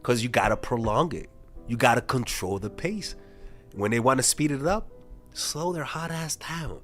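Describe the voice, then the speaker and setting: A young man, a dating coach, talking casually and bluntly to camera, swearing freely and telling stories with animated energy. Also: mid-range voice, normal speed, faint music behind. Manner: blunt, profane, animated storytelling.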